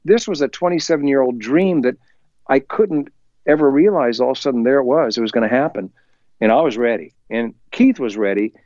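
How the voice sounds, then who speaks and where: A man's voice: medium pitch, dry recording, highs cut off. A male musician telling a story in an interview from his home recording studio, acting out the voices of the people he quotes and chuckling as he goes. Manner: talks faster when excited. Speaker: musician guest.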